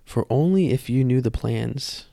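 A man voicing a gentle fatherly God. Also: mid-range voice, expressive, unhurried, creaky, no room sound, studio quality. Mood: reassuring.

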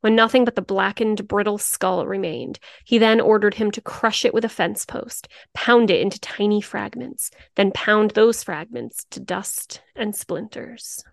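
A woman co-hosting a true-crime podcast, reading the story in a steady, grim narration. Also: mid-range voice, unhurried, creaky, hardly any pauses, no room sound, clean studio sound. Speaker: podcast co-host.

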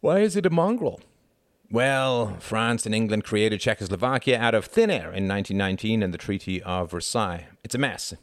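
A pompous father holds forth over cognac, explaining world affairs to his sons in a lecturing tone, as an audiobook narrator puts him on. The voice sits a little low, and the recording is dry and close. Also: animated, normal speed, no echo. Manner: instructive, pompous. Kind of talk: audiobook character voice.

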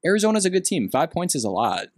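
A man's voice: fairly high pitch, sing-song, quick pace, a little mellow, no room sound. Blunt opinionated young man, dry sound. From Green Bay, Wisconsin. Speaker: podcast co-host. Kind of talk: casual sports chat.

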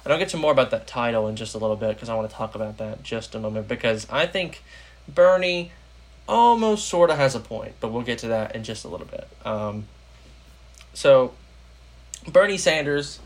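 A young American man hosting a casual political podcast, rambling with lots of fillers. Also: medium pitch. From United States. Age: young adult. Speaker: podcast host.

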